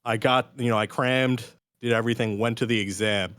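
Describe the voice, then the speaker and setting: A man's voice: mid-range voice, fairly even intonation, brisk, fairly bright tone, no echo, studio quality. Filler-heavy young man on a podcast. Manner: filler-heavy, self-deprecating. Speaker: podcast co-host. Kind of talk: casual storytelling.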